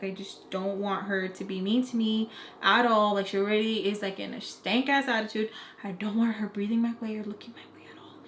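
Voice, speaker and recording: A young woman telling a personal story in a casual storytime vlog, chatty and animated with lots of "like" fillers. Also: mid-range voice. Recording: roomy echo with faint background noise.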